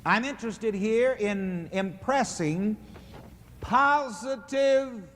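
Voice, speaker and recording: A man preaching a call-and-response sermon in a church, leading the congregation to repeat his lines in a steady rhythm. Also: sits high, slow, a little hiss or hum. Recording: echoey church hall recording.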